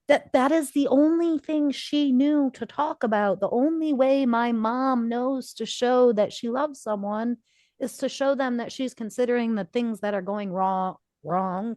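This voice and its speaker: A woman's voice: fairly high pitch, unhurried, darkish tone, no room sound, clean studio sound. A woman in her forties co-hosting a podcast, telling a personal story with feeling and acting out quoted dialogue. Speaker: podcast co-host. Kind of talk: casual podcast conversation.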